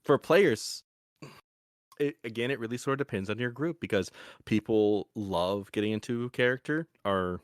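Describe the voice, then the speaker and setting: A man's voice: lowish voice, normal speed, clear, resonant tone, no echo, clean studio sound. A young man hosting a podcast, explaining in a casual, rambling way with frequent restarts. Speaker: podcast host.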